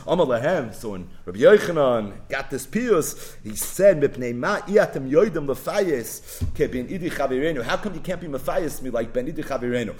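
Animated man teaching a Talmud class. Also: medium pitch, fairly quick. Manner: sing-song learning cadence, acting out the rabbis' voices. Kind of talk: animated Talmud class, mixing Aramaic and Hebrew into English.

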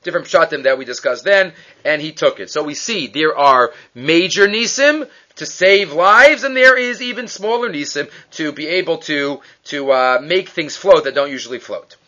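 A man's voice: fairly high pitch, moderate pace, pushed and bright. A man teaching an informal Bible class, retelling the story with Hebrew terms and acting out the quoted lines. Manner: mixes Hebrew terms into English. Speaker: Torah teacher. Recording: dull lo-fi recording.

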